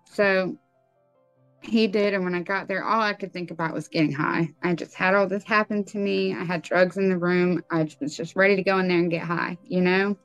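A young woman telling her personal testimony in conversation, halting and full of ums and likes. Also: on the low side, fairly even intonation, fairly bright tone, clean tone, dry recording, lo-fi sound, faint music behind.

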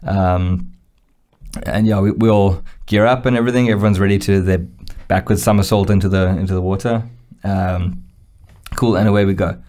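A young man with a fairly low voice tells a story in an easygoing podcast chat. He is animated, acts out the lines of the people in his story, and laughs often. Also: moderate pace. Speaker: podcast co-host.

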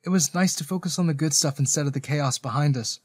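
A man reads a first-person romance story with earnest, emotional delivery. His voice sits a little higher than most men's. The recording is dry and close, with no room echo. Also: fast, a little mellow, slightly rough.

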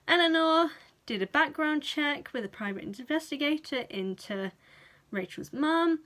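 A young woman with a British accent recaps a film for her vlog in an easy, chatty way. Her voice sits at an ordinary middle pitch, and she keeps the telling animated and unfiltered, swearing freely as she goes. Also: a little slow. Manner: chatty and animated, swears freely, playfully acts out characters' reactions. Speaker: vlogger. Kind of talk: casual film review.

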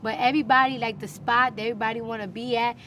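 A young woman with a New York accent, chatting as an interview guest, emphatic and animated, with quick bursts of slang. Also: a little high, slight background noise. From New York City. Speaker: interview guest, recording artist. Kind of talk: casual interview chat.

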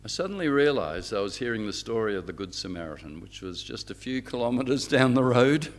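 A man's voice: medium pitch, fairly quick. A man, a reverend giving a public lecture with stories and rhetorical questions. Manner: lively storyteller, rhetorical questions.

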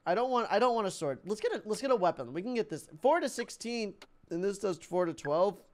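A young man giving excitable let's-play commentary, thinking aloud and laughing as he plays. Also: high voice, a little fast, slight background noise. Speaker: gaming YouTuber.

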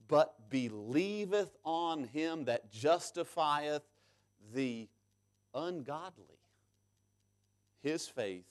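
Male pastor in church, fairly high voice, loud bursts then hushed lines. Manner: preaching with loud emphatic peaks and sudden quiet drops; reads scripture aloud in King James English. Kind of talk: sermon.

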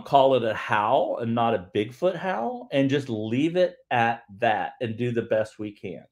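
Male livestream host, mid-pitched voice, loose and rambling delivery with frequent restarts. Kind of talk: casual livestream talk.

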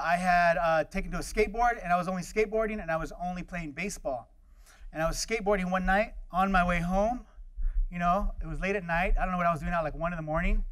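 A man's voice: high-pitched, a bit bright. A middle-aged man giving a guest lecture, telling personal stories in a loose, anecdotal way with many fillers and acted-out voices. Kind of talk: storytelling lecture.

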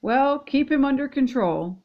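A woman's voice: high-pitched, expressive, a little slow, pitched above the performer's own voice. A woman voicing a stern, firm policeman, on a dull lo-fi recording. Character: firm grown man policeman.

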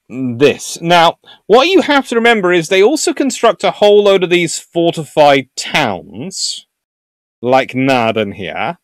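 This is a man hosting a live history stream and answering his chat. His voice swings up and down, lively and playful, and it is recorded close and dry with no room sound. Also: a little high, unhurried, dry recording. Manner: animated and jokey, puts on silly voices for nations. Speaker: naval history livestream host.

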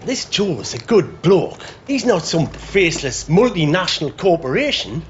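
An actor playing a decent, worried working-class builder in a television drama. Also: male voice, high-pitched, sing-song, moderate pace, dull audio, a little hiss or hum. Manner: earnest, worried.

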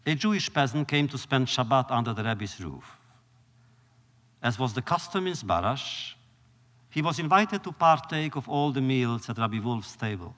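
Guy telling old stories at a lecture, slow and solemn, big hall echo. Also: mid-range voice, a bit bright. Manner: measured, solemn, with dramatic pauses. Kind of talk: storytelling lecture. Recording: long reverb of a lecture hall.

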